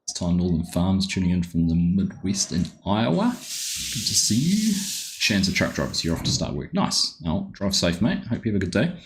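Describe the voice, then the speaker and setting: A man's voice: deep voice, big pitch swings, normal speed, a little hiss or hum. A man chatting on a live game stream, greeting viewers by name and easily sidetracked. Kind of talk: casual live-stream commentary.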